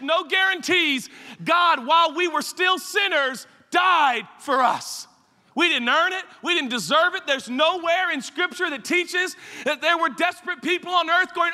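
High bright-voiced preacher in echoey hall. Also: male voice. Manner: dynamic preaching, swings from shouts to hushed tones. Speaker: pastor. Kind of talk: sermon. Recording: echoey hall with long reverb.

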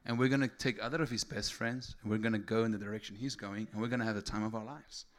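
Talking fast in a fairly low voice with fairly even intonation, a man delivers a sermon. What begins as conversation escalates into fervent, raised preaching.

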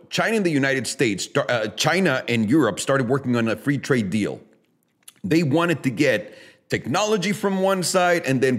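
Fired-up, profane man with lively pitch. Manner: heavy swearing, blunt and fired-up; talks straight to listeners with rhetorical questions. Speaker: podcast host. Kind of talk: casual solo podcast rant.

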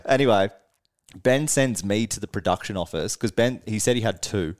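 A man, a touring musician and podcast co-host, tells a tour story in casual chat. He is animated, laughs often mid-sentence and swears freely. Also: fairly low pitch, moderate pace.

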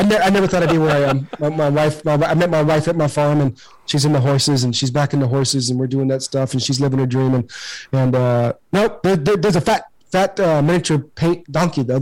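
A man in his forties speaking with a fairly high pitch as he tells his story on a podcast. His delivery is earnest and emphatic, with the motivational push of a former athlete who wants to lift people up. He often doubles back and repeats words as his feeling builds. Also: darkish tone, rough recording. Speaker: podcast guest, former pro baseball player.

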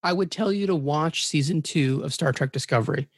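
A man's voice: fairly high pitch, a little fast, breathy edge, no echo, clean studio sound. A man guesting on a podcast in casual chat, eager and rambling, often restarting his sentences. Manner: rambling, self-correcting, eager.

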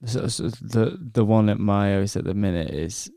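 Gravelly Northern English man telling anecdotes. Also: lowish voice, moderate pace, dark tone, no echo, studio quality. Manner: rambling anecdotes, sweary. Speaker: podcast co-host. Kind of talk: casual chat.

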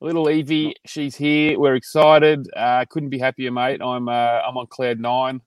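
Young Australian man, podcast co-host, relaxed banter, slightly tired, in his car, dry close sound. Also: mid-range voice, unhurried, clear, resonant tone, dry recording. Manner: laid-back, laughs often, says mate a lot. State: short on sleep. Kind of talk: casual chat. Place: parked car.

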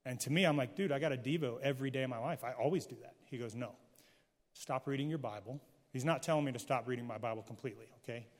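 A man's voice: mid-range voice, quick pace, long reverb tail. A middle-aged man, a pastor, preaching a sermon to a live audience in a candid, conversational way, joking with the listeners. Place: church hall, before a live audience.

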